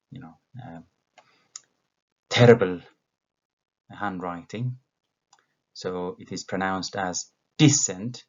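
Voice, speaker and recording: Slow, gravelly-voiced man teaching vocabulary. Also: deep voice. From Ethiopia. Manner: slow, patient, with many fillers and self-corrections. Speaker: English teacher. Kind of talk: recorded vocabulary lesson. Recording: dull lo-fi recording.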